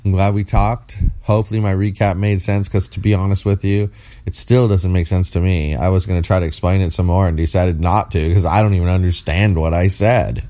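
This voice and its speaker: A man's voice: deep voice, fairly even intonation, fairly quick, warm tone. A man co-hosting a casual late-night podcast, tired and rambling, teasing his co-host in a playful way.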